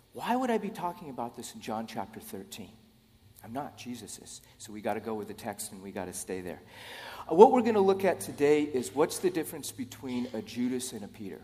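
A man's voice: mid-range voice, warm tone, long reverb tail. A middle-aged man preaching a sermon as pastor, conversational and repeating words as he starts phrases. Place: church.

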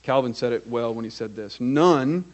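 A man's voice: moderate pace, rough recording. Male pastor delivering a sermon, earnest and direct, mid-range voice. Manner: earnest, direct address with frequent "right?" check-ins; swings from emphatic raised delivery to quiet, low asides.

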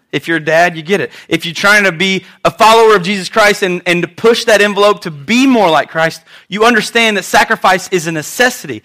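A man in his thirties, a pastor giving a conversational Mother's Day sermon, animated and prone to repeating himself. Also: fairly high pitch.

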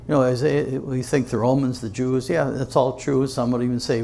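Gravelly earnest male preacher. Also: medium pitch, fairly even intonation, mellow. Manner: earnest, emphatic, with dramatic pauses. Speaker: pastor. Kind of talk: sermon. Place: church before a congregation.

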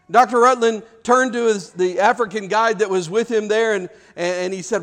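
A man with a high-pitched voice preaches a sermon in storytelling mode. He drops into quiet, low stretches, then climbs into loud, shouted peaks. He repeats and restarts words as he talks. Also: normal speed, hardly any pauses, big-room sound.

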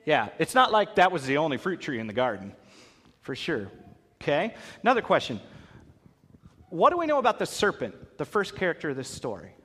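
A man leads a Bible lesson before a gathered audience, quizzing them and acting out the characters as he goes. His voice swings widely in pitch, and it rings with the long reverb of a large hall. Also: a little fast, slightly rough. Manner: animated, acts out voices, asks the audience questions. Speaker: pastor.

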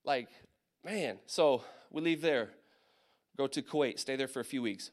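A young man from Indiana telling a personal story of army service to a gathering, animated, with many fillers and acted asides. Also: on the high side, moderate pace. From Indiana, USA. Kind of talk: personal testimony talk.

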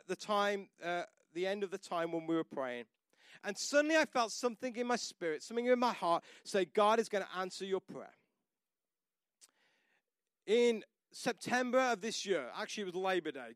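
A man's voice: sits high, no echo, clean studio sound. A man in his thirties preaching a sermon, telling a personal story and building to emphatic declarations. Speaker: pastor.

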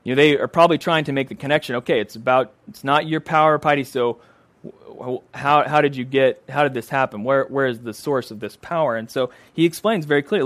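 A man's voice: mid-range voice, fairly even intonation, a little fast, a bit bright, no echo. A man preaching a sermon, emphatic and repeating phrases for stress.

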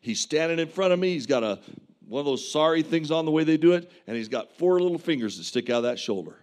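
A man delivers a sermon, his voice sitting a little higher than most men's. He tells a vivid testimony with plain, earnest conviction and preaches with passion. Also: lively intonation, quick pace, a little mellow. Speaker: pastor.

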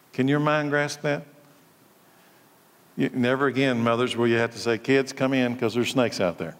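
A male pastor preaching a sermon, emphatic and full of rhetorical questions. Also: mid-range voice. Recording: long reverb of a large hall.

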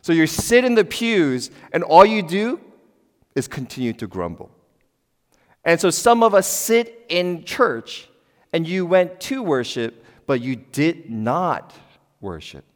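A middle-aged man preaching a sermon as a pastor in a church. He is conversational and emphatic, asks the congregation questions and breaks into sudden loud exclamations. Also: a little high, very animated, slow pace. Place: church sanctuary. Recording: long church hall reverb.

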